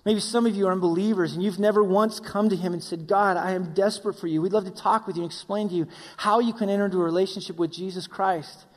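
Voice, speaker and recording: A man's voice: high voice, fairly even intonation, quick pace, few pauses. A man preaching a sermon as pastor, voicing his listeners' questions and closing in prayer. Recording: long reverb of a hall.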